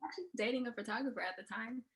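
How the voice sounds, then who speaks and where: A woman's voice: a little high, racing, a crowd in the background, poor audio. A young woman from Houston, Texas, a guest answering questions casually and laughing easily. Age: young adult.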